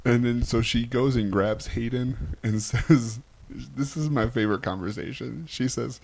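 A man's voice: medium pitch, a little slow, gravelly, darkish tone. A man co-hosting a podcast in casual chat, recapping events and laughing often. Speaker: podcast co-host.

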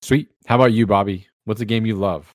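A man's voice: on the low side, steady tone, brisk, darkish tone, no echo, studio quality. A young man hosting a casual group chat, loose and full of fillers. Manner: loose, swearing, filler-heavy. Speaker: host asking the group.

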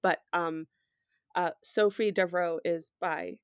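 A woman's voice: fairly low pitch, fairly even intonation, measured pace, no echo, studio quality. A woman appearing as a guest on a casual podcast, talking with enthusiasm and laughing often.

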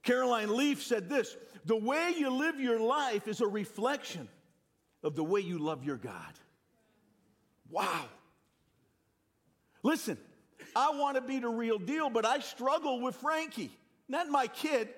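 Preaching with a very high voice, this sixty-something man from the Northeastern US moves a little slowly and leaves long pauses. He's a pastor who tells lively, self-mocking stories and often starts his sentences over.

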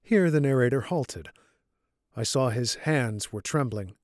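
A man's voice: mid-range voice, lively intonation, measured pace, a little mellow, no echo. Man reading a story, dry sound. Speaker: reader. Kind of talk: audiobook reading.

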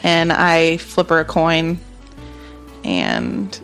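A woman playing a tabletop game, telling what her character does in a loose, rambling way with lots of fillers. Her voice sits a little low, and soft music plays faintly behind her. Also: huge pitch swings, drawn-out words, vocal fry. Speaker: player.

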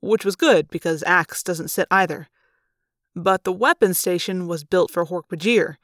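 A woman narrating a novel in first person with a plain, even telling. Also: lowish voice, normal speed, dry recording, studio quality. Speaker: audiobook narrator. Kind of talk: storybook narration.

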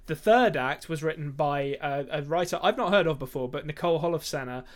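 A man with a fairly high voice co-hosts a film podcast and talks in relaxed, casual chat. He fills gaps with ums and sometimes rattles through a thought in a quick burst. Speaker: podcast co-host.

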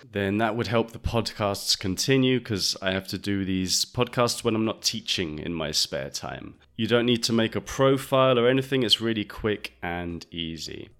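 A male podcast host teaching English with a fairly low voice. He is patient and methodical, explaining step by step and repeating phrases slowly so learners can follow. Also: bright, forceful tone.

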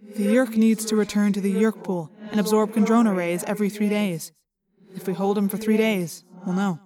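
Casting: calm teen boy explaining plainly, read by a woman. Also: mid-range voice, normal speed, recorded from a distance, a crowd in the background, natural voice. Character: calm, knowing teenage boy.

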